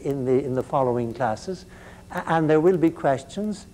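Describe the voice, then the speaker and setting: Older male lecturer, halting and wry. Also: fairly high pitch, expressive, dark tone, a little hiss or hum. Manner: halting, repeats words, wry humor. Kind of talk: university lecture.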